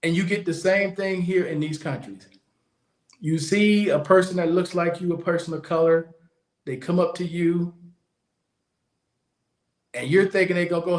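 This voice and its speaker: A man's voice: high voice, steady tone, moderate pace, pauses often. A man hosting a podcast, speaking bluntly in a casual monologue and repeating his points for emphasis. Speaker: podcast host. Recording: echoey room.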